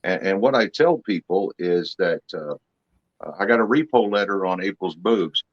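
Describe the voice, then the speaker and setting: A man's voice: low-pitched, normal speed, no echo, dull audio. A man, a comedy hypnotist, telling jokes and stories in casual chat as a guest. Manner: wisecracking storyteller.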